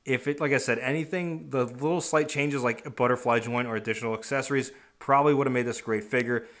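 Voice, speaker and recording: Host, male, bright and forceful tone, casual toy review, blunt slangy opinions. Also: mid-range voice, steady tone, quick pace. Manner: demonstrates and points at objects as he talks.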